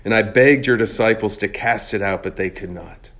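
A man preaching a sermon in an earnest, measured way, slowing down on key phrases. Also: fairly low pitch, fairly bright tone.

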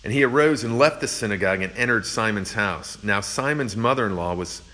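A male preacher teaching through scripture in a low-pitched voice. His delivery is conversational and reflective, full of casual asides and fillers, with a mix of reading and explaining. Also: a little fast, pushed and bright. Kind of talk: sermon, Bible teaching.

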